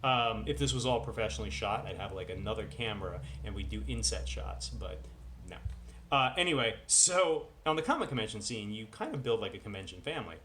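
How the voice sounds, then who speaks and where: A man's voice: lowish voice, big pitch swings, fairly quick, sharp tone, slight background noise. A man vlogging at home in casual chat, rambling and full of self-deprecating asides. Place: at home with dogs.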